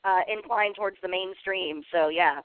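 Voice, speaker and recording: A man's voice: high voice, normal speed, clean tone, dry recording. A man hosts a radio talk show, reading out news items between bursts of laughter and plenty of uhs. The voice is dry and close, squeezed into a tinny phone-like band. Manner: reads news items, laughs often, hesitant fillers. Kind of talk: casual comedic radio chat.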